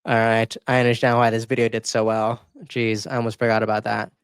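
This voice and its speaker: A man hosting his channel, reacting to his own past videos in casual commentary, excitable and emotional, often stumbling over and repeating words. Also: on the low side, brisk, clear, resonant tone, no echo. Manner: emotional, near tears. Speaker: YouTube political commentator.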